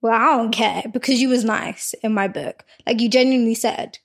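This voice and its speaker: A woman's voice: a little high, moderate pace. A woman co-hosting a podcast, telling a story in casual chat and laughing as she goes. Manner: animated, laughs while telling stories. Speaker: podcast co-host.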